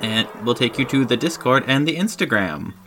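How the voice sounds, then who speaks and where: Bright upbeat podcast guest. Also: medium pitch, expressive, moderate pace, faint music behind. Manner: upbeat promo patter with fillers. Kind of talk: casual plug for podcasts.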